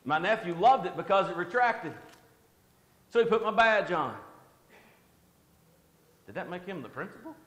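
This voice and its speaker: High-voiced man giving a joking church devotional. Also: animated, normal speed, pauses often, a bit bright. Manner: conversational, joking, self-deprecating. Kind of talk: informal devotional talk. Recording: echoey hall with long reverb.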